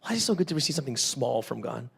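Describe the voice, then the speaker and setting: A man's voice: medium pitch, racing, creaky, husky. A man from Canada, preaching an interactive sermon. He tells stories with gusto, acts out small voices, puts questions to the congregation and keeps checking in with "right?". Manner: animated storytelling, constantly checks in with "right?". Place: church service.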